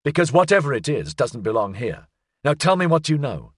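A man's voice: a little high, big pitch swings, brisk, no echo, clean studio sound, pitched above the performer's own voice. A man voicing a tense, demanding woman agent. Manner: urgent, demanding.

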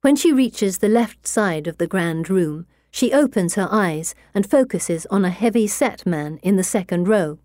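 A woman narrating a story in the first person, in a measured way. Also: medium pitch, expressive, a little mellow, dry recording, studio quality. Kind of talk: audiobook narration.

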